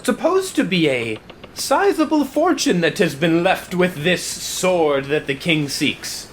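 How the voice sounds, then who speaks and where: Guy putting on a fussy polite sea captain, old-fashioned manners, pitched up high. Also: sing-song, takes it slowly, slight background noise, heavily acted. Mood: courteous. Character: prim, proper male naval ship captain.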